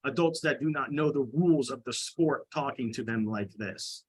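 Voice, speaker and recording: A man's voice: medium pitch, normal speed, low-quality recording. Indignant man venting at a committee meeting. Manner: indignant, emphatic, rambling with many restarts. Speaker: high school girls lacrosse coach. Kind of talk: public comment at a committee meeting.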